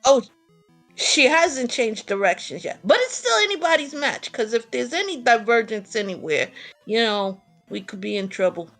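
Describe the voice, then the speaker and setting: A woman with a New York accent casually commentating a video game tournament, excitable and quick to laugh. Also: on the high side, soft background music.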